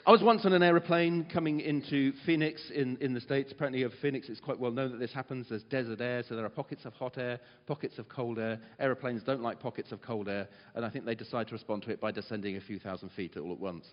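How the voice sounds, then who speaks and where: A man preaching a sermon, animated and dramatizing quotes. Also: mid-range voice, quick pace, hardly any pauses. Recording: muffled sound with long hall reverb.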